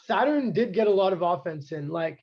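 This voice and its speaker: A man talks through wrestling history in a loose, rambling way, full of "um" and "like." His voice sits high for a man. The recording sounds a little dull and lo-fi. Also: animated, brisk. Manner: rambling, filler-heavy, knowledgeable about wrestling history. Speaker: podcast co-host. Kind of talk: casual chat.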